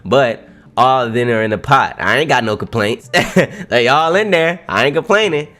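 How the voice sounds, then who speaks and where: A man reacting live to a new manga chapter, excitable and profane, often laughing and exclaiming loudly. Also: mid-range voice, normal speed.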